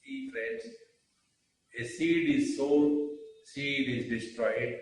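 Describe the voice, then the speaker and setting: A man giving a spiritual discourse, speaking deliberately with rhetorical questions and pauses. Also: mid-range voice, sing-song, a little hiss or hum. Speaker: spiritual teacher. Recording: very echoey room, mic far off.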